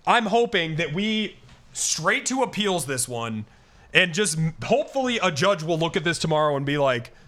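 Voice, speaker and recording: Male streamer, live chat rant, heated, swearing, restarts his sentences, fairly high voice, pitch swinging widely. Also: pushed and bright. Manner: heated, profane, repeating himself.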